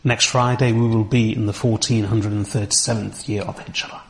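A man giving a religious lecture, explaining slowly and step by step, repeating key terms and reciting Arabic verses fluently. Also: on the low side, flat delivery, creaky. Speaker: Islamic teacher.

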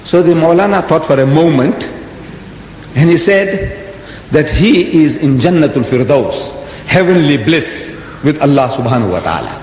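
Older male lecturer in his seventies, lively storyteller, voice fairly high for a man, in an echoey hall with a faint rumble. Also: normal speed. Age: 70s. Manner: dramatic storytelling with rhetorical questions. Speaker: religious lecturer. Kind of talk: lecture to an audience.

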